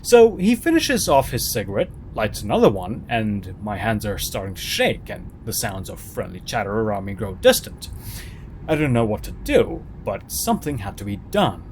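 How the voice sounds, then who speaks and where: A man's voice: fairly low pitch, very animated, normal speed, slight background noise. A man reading a first-person horror story aloud, dramatic and sarcastic in his delivery. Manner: dramatic, sarcastic, swooping intonation.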